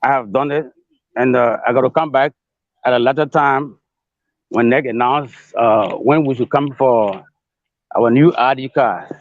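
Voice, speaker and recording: A male correspondent gives a halting, unsure field report. His voice comes through a dull, dry line. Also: medium pitch, no echo. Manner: hesitant, with many fillers and restarts.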